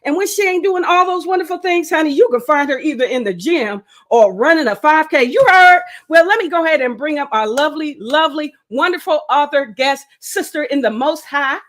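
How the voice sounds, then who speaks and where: A woman's voice: sits high, brisk, few pauses. A woman hosting a live crafting stream, welcoming viewers by name, calling them honey and breaking into bits of song. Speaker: host of a crochet livestream.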